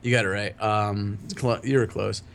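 A man's voice: on the low side, steady tone, moderate pace, gravelly, a bit bright. Giggly rambling male podcast co-host. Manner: laughs often, rambling with fillers. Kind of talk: casual chat.

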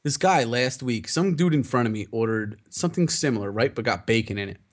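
A man's voice: mid-range voice, expressive, fairly quick. A young man rambling through a story in casual chat, acting out the dialogue and swearing often.

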